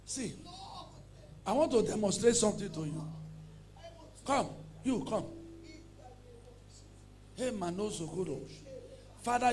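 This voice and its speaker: A man preaching and praying, who swings from loud fiery chanted commands to low murmured teaching and repeats phrases in long chants. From Nigeria. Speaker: pastor. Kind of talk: sermon.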